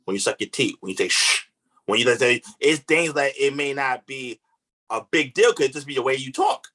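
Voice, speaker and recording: An earnest man talks about relationships as a podcast guest. His voice is bright and very lively, rising and falling a lot. He makes his points with emphasis in relaxed, informal speech. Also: mid-range voice, normal speed. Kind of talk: casual conversation.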